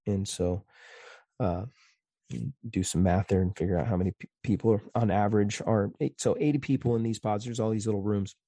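A man recounts a long story in a low, mellow voice. He talks in a rambling, halting way and keeps restarting his sentences. The sound is close and dry. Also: fairly even intonation, no room sound. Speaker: interview guest. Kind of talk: casual storytelling in conversation.

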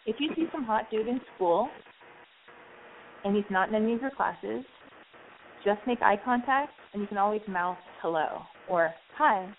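A woman's voice: mid-range voice, animated, normal speed. Chatty woman host on a tinny line. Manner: chatty, acts out scenes with quoted voices. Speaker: advice show host. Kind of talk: casual advice chat. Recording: tinny phone-like sound with faint noise.

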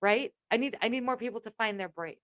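A woman with a fairly high voice talks emphatically in halting bursts, often restarting her sentences. She is recorded dry and close, with no room sound. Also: fairly bright tone, no echo. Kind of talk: casual chat.

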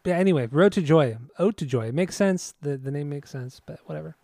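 A man chats on a music podcast in a rambling, profane way, often laughing at himself. His voice sits a little high, and the recording is dry and close with no room sound. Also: brisk, gravelly, mellow, no echo. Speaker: podcast co-host. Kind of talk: casual music podcast chat.

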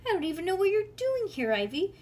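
A woman reading a storybook aloud and voicing a teenage girl babysitter who shouts high and shrill, then scolds bossily. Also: sing-song, normal speed, slightly rough. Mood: scolding.

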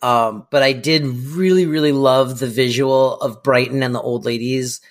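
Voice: medium pitch, steady tone, moderate pace. Easygoing podcast co-host. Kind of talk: casual chat recapping a sitcom.

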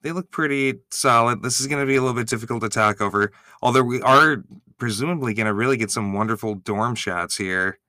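Excitable man with a bright voice. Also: medium pitch, brisk, no echo, clean studio sound. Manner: excitable, gushing, swears freely. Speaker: commentator. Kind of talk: reaction commentary.

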